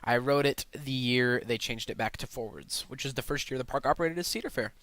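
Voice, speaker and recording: A man's voice: mid-range voice, a little fast, a bit bright, dry recording. A young man hosting a casual countdown vlog, talking eagerly and rambling with fillers and restarts. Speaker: channel host ranking roller coasters.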